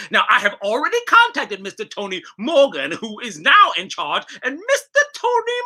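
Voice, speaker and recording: A woman reading as a stiff, overly courteous letter writer with a bright, sharp voice. The pitch leaps all over the place as each polite line is read out. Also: full character voice.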